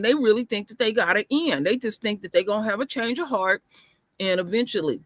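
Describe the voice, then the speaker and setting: A woman co-hosting a casual opinion talk, telling stories forcefully and cutting in often. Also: fairly high pitch, brisk, no echo. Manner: forceful storytelling, interjects often. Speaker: co-host.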